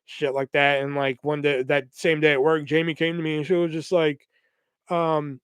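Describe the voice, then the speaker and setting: Young male podcast host, slightly higher voice, dry close sound, swearing and animated while he tells a story. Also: normal speed, smooth, no echo. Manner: profane, animated retelling with quoted voices. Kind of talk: casual storytelling.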